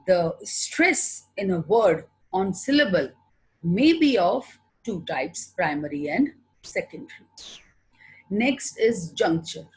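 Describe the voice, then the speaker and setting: Slow, husky-voiced Indian woman teaching. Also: fairly low pitch, lively intonation, poor audio. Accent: Indian English. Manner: slow, deliberate explanatory delivery, asking and answering her own questions. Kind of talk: recorded online lecture.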